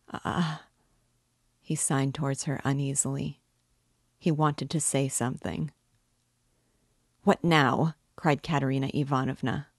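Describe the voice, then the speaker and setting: A woman reading a classic novel aloud in a slow, measured way. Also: low voice, gravelly, darkish tone, dry recording, clean studio sound. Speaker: reader and literature guide. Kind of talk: audiobook narration of a classic novel.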